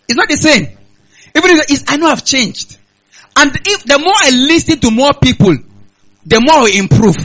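Nigerian male pastor, high bright voice, works the crowd with repeated questions. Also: husky, rough recording. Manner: call-and-response preaching, repeating lines and asking the audience. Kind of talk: sermon. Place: church hall, on stage.

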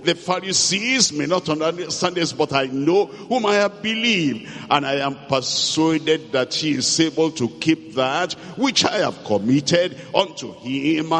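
Male preacher, slightly high voice, slow deliberate emphatic delivery, hall reverb. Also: animated, a bit bright. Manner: slow, emphatic, repeats key phrases. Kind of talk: sermon.

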